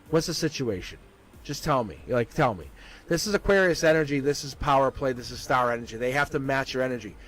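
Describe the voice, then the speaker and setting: A man giving a live tarot reading, blunt and animated, laughing often and acting out what people say. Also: medium pitch, rough recording. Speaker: tarot reader.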